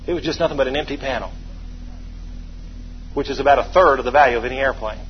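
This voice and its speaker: A man preaching a sermon, telling homey stories and leading his congregation in call-and-response, moving between quiet asides and loud, emphatic stretches. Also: medium pitch, fast talker, lo-fi sound, slight background noise.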